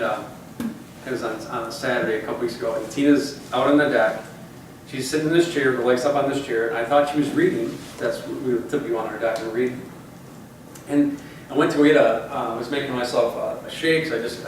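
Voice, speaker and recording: A man's voice: medium pitch, noisy background. Rambling man in an echoey room. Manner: rambling, conversational, repeats phrases for emphasis. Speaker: company leader addressing staff. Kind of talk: motivational talk with personal stories. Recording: echoey room, voice far from mic.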